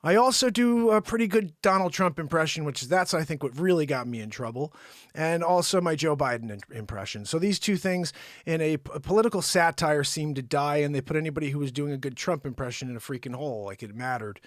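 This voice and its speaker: A man hosting a live-streamed comedy show, talking to his viewers in a hyped, animated way. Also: fairly high pitch, fairly quick, dry recording, clean studio sound. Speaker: host.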